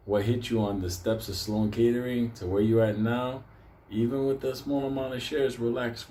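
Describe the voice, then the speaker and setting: Swearing, rambling male vlogger, deep voice. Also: dark tone, a little hiss or hum. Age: older. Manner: swears constantly, rambling, laughs often. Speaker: stock market video host. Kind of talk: profane casual monologue to viewers.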